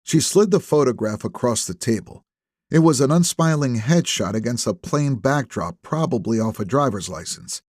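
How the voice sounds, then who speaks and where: A man reading a crime novel aloud as an audiobook narrator, in steady, measured storytelling. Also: mid-range voice, no echo, clean studio sound. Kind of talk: scripted narration.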